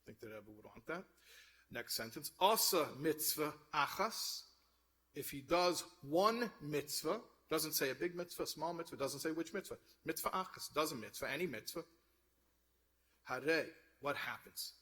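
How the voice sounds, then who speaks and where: A man's voice: on the high side, expressive, normal speed, sharp tone. A man giving a sermon, telling a story and then urging his listeners on with rising fervor. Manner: storytelling, rising to fervent exhortation. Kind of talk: sermon with told joke.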